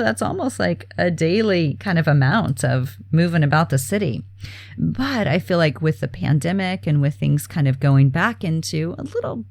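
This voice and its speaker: Low, gravelly-voiced woman host. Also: no room sound, clean studio sound. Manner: relaxed and chatty, many fillers, soft breathy laughs. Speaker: podcast host. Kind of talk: casual self-care talk.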